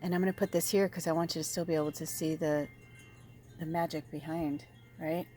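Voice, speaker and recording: A woman giving a casual spiritual tarot reading, chatty and animated, swearing freely and dropping at times to a soft near-whisper. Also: low voice, fairly quick, faint music behind. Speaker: tarot reader and medium.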